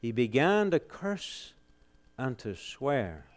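Slow, animated male preacher. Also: fairly high pitch. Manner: rhetorical questions answered emphatically; swings from loud exclamations to hushed solemn tones. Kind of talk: sermon.

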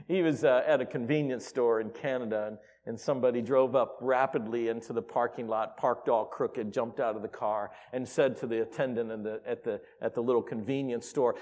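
A man preaching a sermon in a church, swinging from quiet asides to loud exclamations. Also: mid-range voice, steady tone, normal speed. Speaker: pastor. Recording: reverberant hall.

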